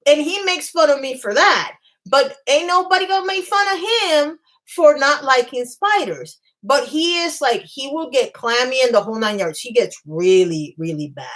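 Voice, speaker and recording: A woman's voice: high-pitched, normal speed. Chatty woman telling funny stories. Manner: animated, self-mocking, laughs at herself. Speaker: channel host. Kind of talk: casual storytelling to live chat.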